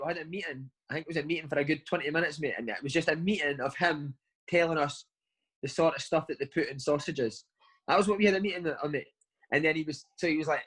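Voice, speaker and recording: A man's voice: on the high side, fairly bright tone, husky, poor audio. A man, a footballer, chatting casually in an interview and telling long anecdotes, forever saying "mate". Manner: chatty storytelling, says "mate" constantly. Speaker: footballer guest.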